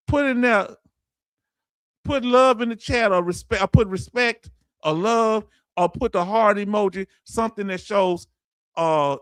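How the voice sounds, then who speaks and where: A man hosting a casual livestream, reading chat messages aloud with animated, laughing energy. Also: high voice, dry recording, clean studio sound. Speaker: livestream host.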